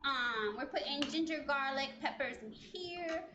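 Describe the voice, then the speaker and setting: A woman's voice: high voice, expressive, a little slow, reverberant, dull audio, noisy background. A woman in her late thirties chatting casually while cooking on a live stream, self-mocking and laughing often, teary from onions. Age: late 30s.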